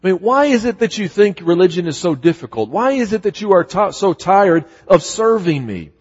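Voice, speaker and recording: A fairly high-voiced man preaches with emphatic, repetitive delivery, acting out scripture passages. His voice is husky, and the muffled recording carries a long reverb from a large church hall. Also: very animated, normal speed, a little mellow. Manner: emphatic, repeats words, voices scripture quotes dramatically. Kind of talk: sermon.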